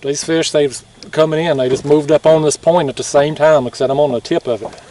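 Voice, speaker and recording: A man vlogging from a kayak, talking in a casual, excited, folksy way and laughing often. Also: a little high, fairly quick, far from the mic, slight background noise. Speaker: fishing vlogger. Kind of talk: casual outdoor vlog narration. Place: kayak on a river at night.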